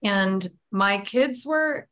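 A woman in mid-range pitch, talking candidly on a podcast. Her storytelling is personal and open, full of casual fillers and quick asides. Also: animated, a bit bright. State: tearful at moments. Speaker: guest author.

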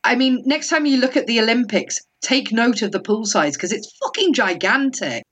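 A woman chatting casually on a book podcast, animated and quick, often acting out quotes. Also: on the high side, slightly rough, highs cut off. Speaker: podcast co-host. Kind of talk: casual book-club chat.

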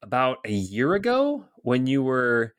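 A man's voice: mid-range voice, huge pitch swings, unhurried, smooth. A middle-aged man narrating a tabletop game as game master, casual and rambling with many fillers.

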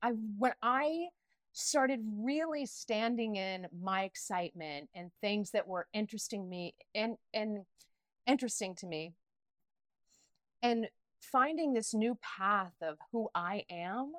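A middle-aged woman talks candidly as an interview guest. Her delivery is animated and emotional, with many restarts and bursts of laughter. The sound is dry and close. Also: medium pitch, measured pace, dry recording. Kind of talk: candid personal interview talk.

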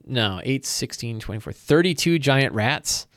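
A man's voice: medium pitch, animated, measured pace, a bit bright, no echo. A man acting as game master, casually thinking aloud on a livestream, often checking in with "right?" and restarting his phrases. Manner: frequent restarts and repeated words.

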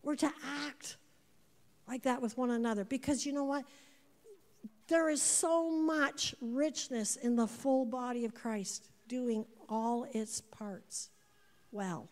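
A woman in her fifties preaching a sermon to a congregation, animated, repeating words and putting questions to the room. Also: a little high, slow. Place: church before a congregation. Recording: long hall reverb.

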